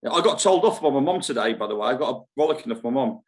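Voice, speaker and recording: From a holiday park's club foyer, a male show host runs a relaxed live-stream chat. His mid-range voice has lively intonation, and he's chatty and rambling, quick to laugh.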